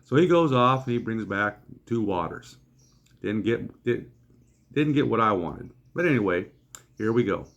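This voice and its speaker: A man's voice: on the low side, expressive, unhurried, vocal fry, dull audio. Folksy man telling a story. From Iowa. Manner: folksy, wry, acts out voices of others. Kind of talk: comedic anecdote storytelling.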